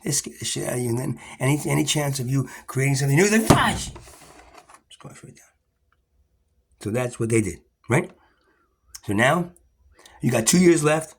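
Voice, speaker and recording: A man's voice: medium pitch, breathy edge. A man ranting in an agitated, rambling, profane monologue to camera, full of restarts.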